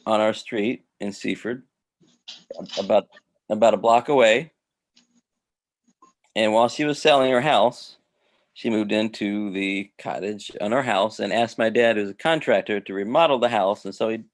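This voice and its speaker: Low-voiced man chatting on a call. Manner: rambling, many restarts and fillers. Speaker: host. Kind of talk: casual video-call chat.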